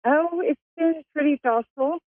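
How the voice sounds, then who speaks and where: A woman calling in to a show, speaking softly and hesitantly with many pauses. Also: sits high, no room sound. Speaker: caller. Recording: tinny phone line.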